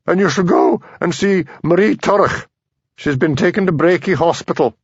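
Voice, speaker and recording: A man's voice: high-pitched, normal speed, husky, no room sound, pitched above the performer's own voice. A man voicing a large, tweedy minister's wife who talks in a bossy, hectoring way. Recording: dull dry lo-fi audio.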